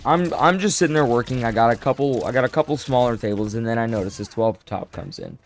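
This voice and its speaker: A young man telling a casual storytime, animated and self-deprecating, often restarting his sentences. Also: medium pitch, fast talker, a little hiss or hum. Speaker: storyteller vlogger.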